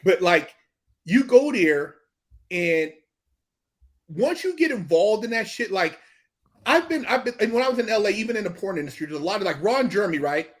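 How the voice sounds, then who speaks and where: A man talking as a podcast guest, telling animated, profane stories and acting out what others said. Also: high voice, moderate pace. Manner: animated storytelling, profane, acts out quoted dialogue. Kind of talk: casual podcast conversation.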